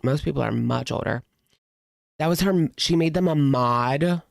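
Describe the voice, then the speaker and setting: Chatty male streamer, heavy vocal fry, dry close sound, casual, filler-heavy. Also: fairly high pitch, a little slow, no echo. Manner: chatty, frequent "like" fillers, laughs often. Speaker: livestream commentary host. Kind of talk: casual chat reading viewer comments.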